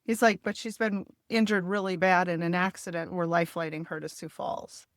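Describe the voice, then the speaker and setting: A middle-aged podcast host tells the story of a family crisis in an interview, speaking candidly and emotionally and quoting what people said. Her lowish voice barely moves in pitch and runs fairly quick. The recording is dry and studio quality.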